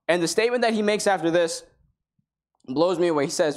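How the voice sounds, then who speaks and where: A man with a fairly high voice preaching a sermon. He talks earnestly and conversationally, reading out old-fashioned scripture lines between his own plain explanations. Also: normal speed. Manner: earnest, conversational preaching with King James quotations.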